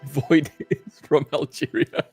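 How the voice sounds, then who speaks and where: A man's voice: a little high, level tone, slow pace, a little mellow, husky, faint music behind. A man from South Africa with a South African accent, chatting and teasing on a live stream, often stumbling over and repeating his words. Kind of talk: casual banter on a live stream.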